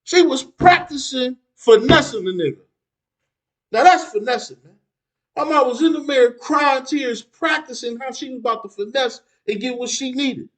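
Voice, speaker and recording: A man's voice: very high-pitched, moderate pace, low-quality recording. A man giving street advice in a casual, preachy monologue, dropping "man" between phrases.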